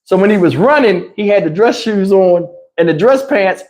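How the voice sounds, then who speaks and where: High-voiced man telling a rowdy story. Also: moderate pace. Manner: animated, profane, laughs mid-story. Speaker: channel host. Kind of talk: livestream storytelling.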